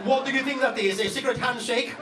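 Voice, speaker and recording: A Greek-accented man rants on a comedy stage, loud and profane. His voice sits high, and it sounds roomy and distant, with steady ambience from the venue behind him. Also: a little fast, over a noisy crowd, heavy background noise. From Greece. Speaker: stand-up comedian. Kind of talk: stand-up rant.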